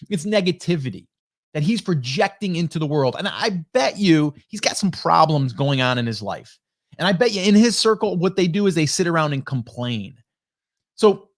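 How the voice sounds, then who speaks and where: A middle-aged man hosting a motivational talk, telling a travel story in a casual, conversational way with frequent "right?" asides. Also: a little high. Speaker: host. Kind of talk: motivational monologue.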